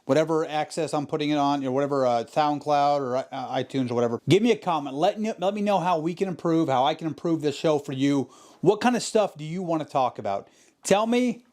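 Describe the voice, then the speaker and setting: A man's voice: fairly high pitch, brisk, darkish tone. Fired-up profane motivational podcaster man. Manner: emphatic, profane, repeats his points. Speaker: podcast host. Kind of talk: motivational monologue.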